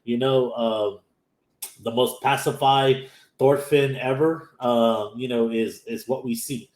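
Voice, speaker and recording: A man's voice: medium pitch, fairly even intonation, slow, a little mellow. A man, casually recapping an anime episode in a rambling way and acting out the characters' lines. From Texas, USA. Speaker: anime podcast host. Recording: echoey room.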